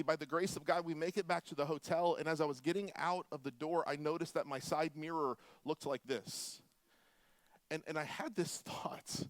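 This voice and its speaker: Animated pastor in his forties, dry sound. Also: a little high, no echo. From Florida. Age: 40s. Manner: animated, humorous storytelling with quiet prayer. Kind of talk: sermon with storytelling.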